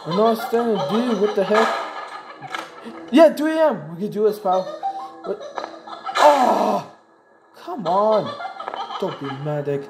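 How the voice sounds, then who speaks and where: A woman playing a horror game, talking in excitable, exclamatory bursts and swearing at it. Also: medium pitch, slow, pauses often, music in the background, poor audio. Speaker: gamer. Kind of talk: let's play commentary. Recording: loud background noise.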